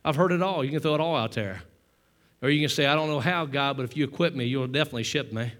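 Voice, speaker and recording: A middle-aged male pastor delivering a sermon, exhorting the congregation in a repetitive preaching cadence that builds to loud fervor. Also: medium pitch, quick pace. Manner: self-deprecating asides to the congregation.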